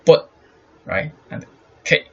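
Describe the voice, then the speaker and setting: A man teaching the meter of Chinese poetry, halting with many fillers and checking "right?" often. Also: pushed and bright. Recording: slightly dull sound with faint noise.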